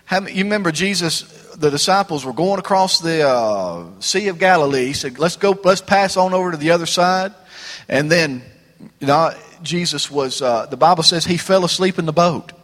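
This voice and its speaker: A man preaching a sermon in a folksy, conversational way, slowing down for dramatic pauses. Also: on the high side, lively intonation, a bit bright. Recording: long reverb of a large hall.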